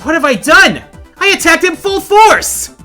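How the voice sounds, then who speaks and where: A man's voice: very high voice, big pitch swings, a little slow, bright, forceful tone, soft background music, heavily acted. A man voicing a timid young schoolboy who sounds nervous and apologetic. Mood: alarmed.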